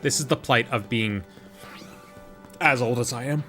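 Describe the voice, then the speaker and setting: A man streaming a game, chatting casually and joking in quick, rambling asides to his viewers. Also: mid-range voice, pushed and bright, faint music behind. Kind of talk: casual livestream chat while gaming.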